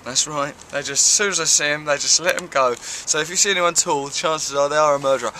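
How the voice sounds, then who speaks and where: A man hosting a comic news monologue, mocking the headlines and then dropping into a soft, reflective reading voice. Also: on the high side, fairly quick, hardly any pauses, reverberant, a little hiss or hum, rough recording. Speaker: host.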